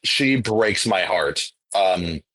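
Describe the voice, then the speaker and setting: A man's voice: low-pitched, expressive, very slow, fairly bright tone, no echo. A man co-hosting a podcast, giving enthusiastic, emphatic opinions about films in casual chat. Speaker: podcast co-host. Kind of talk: casual film discussion.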